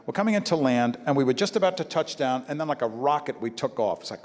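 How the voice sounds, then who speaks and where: A man from Brooklyn doing stand-up comedy to an audience, telling animated stories and slipping into acted-out voices. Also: mid-range voice, fast, hardly any pauses, a little hiss or hum. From Brooklyn, New York. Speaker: comedian and motivational speaker. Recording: live hall with long reverb, faint ambience.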